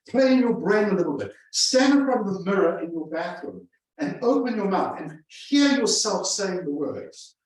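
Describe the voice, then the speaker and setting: A man's voice: fairly high pitch, expressive, moderate pace, a little mellow. A man giving a live seminar to a room of real estate agents as a sales trainer, emphatic and fond of repeating phrases for effect. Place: large room with a live audience. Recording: echoey room from a distance.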